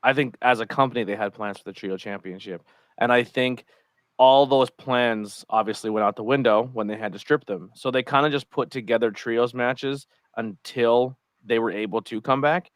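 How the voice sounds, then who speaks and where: A man's voice: medium pitch, normal speed, no echo. A man co-hosting a podcast, chatting casually and rambling, hedging his points as he goes. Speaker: podcast co-host. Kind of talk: casual chat.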